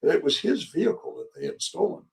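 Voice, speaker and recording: An older man in his seventies spins a rambling story, halting often and chuckling as he goes. His voice is a touch high for a man. He sits a little away from the mic, so he sounds slightly distant. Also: lively intonation, vocal fry, darkish tone. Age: 70s. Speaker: guest, war veteran. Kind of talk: storytelling interview.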